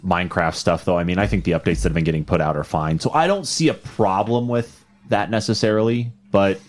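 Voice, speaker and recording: A man's voice: deep voice, quick pace. A man hosting a casual gaming podcast, laid-back and steering the talk.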